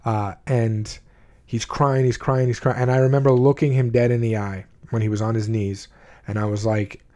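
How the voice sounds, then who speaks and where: A man's voice: medium pitch, fairly even intonation, moderate pace, mellow. A man in his forties casually telling a personal story, rambling with lots of "you know" and "like" and frequent restarts.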